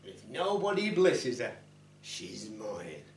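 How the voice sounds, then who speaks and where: A sly ancient leprechaun, as a storyteller puts him on, lively in his swings of pitch and slow in delivery. He sits far off the mic in a roomy club. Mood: scheming. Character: ancient male leprechaun seeking a bride.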